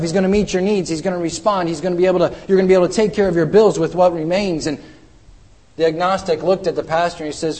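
High-voiced male preacher. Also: fairly even intonation, fast talker, darkish tone. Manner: preaching with repeated rhetorical questions, reads scripture in King James English. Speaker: pastor. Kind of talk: sermon.

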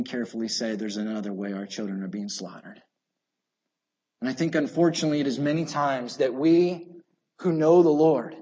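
A man with a notably high voice preaches with fervent urgency, stacking phrase upon phrase as he drives each point home. The sound is dull and lo-fi, like an old church sermon recording. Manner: impassioned preaching with repeated building phrases. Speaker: pastor.

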